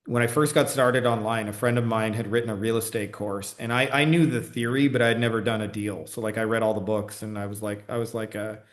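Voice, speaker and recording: A man's voice: on the low side, fairly even intonation, fairly quick, few pauses. A man who coaches online business, talking casually and profanely on a livestream and answering comments, with many "like" fillers. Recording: roomy echo.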